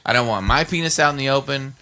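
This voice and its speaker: A man's voice: mid-range voice, quick pace, bright, forceful tone. A man co-hosting a movie podcast in casual chat, cursing and talking with enthusiasm. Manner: profane, enthusiastic. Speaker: podcast co-host.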